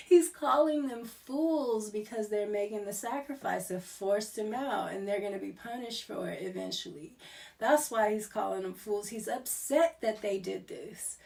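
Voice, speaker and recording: A woman's voice: mid-range voice, gravelly. A woman giving a casual tarot reading, talking in a rambling, digressive way. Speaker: tarot reader. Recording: voice distant from the mic.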